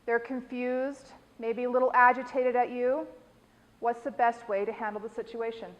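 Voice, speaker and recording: American woman trainer, fairly high voice, quizzes her class, echoey room. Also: little pitch movement, moderate pace, dull audio. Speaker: dementia care trainer.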